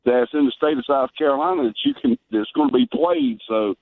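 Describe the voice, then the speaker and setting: A man's voice: mid-range voice, a little fast, a little hiss or hum. A man calling into a sports radio show, talking in a rambling, conversational way. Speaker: radio guest on the phone. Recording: tinny phone line.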